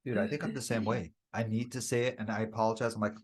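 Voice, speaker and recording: Excitable man co-hosting a podcast. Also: on the low side, fast talker, hardly any pauses, slightly rough. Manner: excitable, says "dude" a lot, acts out quotes. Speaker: podcast co-host. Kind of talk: casual chat.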